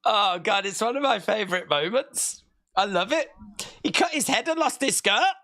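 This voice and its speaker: A speaker giving excitable live reaction commentary on a wrestling show, breaking into shouts and laughs. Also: medium pitch, moderate pace. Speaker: wrestling watch-along streamer.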